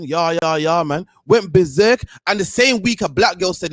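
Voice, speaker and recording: A man hosting a talk show, ranting in a heated, animated way and tagging sentences with "man". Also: sits high, moderate pace, few pauses, no room sound. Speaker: podcast host. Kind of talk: ranting casual commentary.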